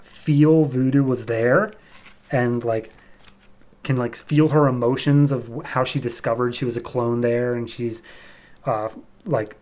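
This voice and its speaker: A man hosting a comic book podcast, recapping an issue in a relaxed, chatty way and briefly acting out characters' lines. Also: mid-range voice.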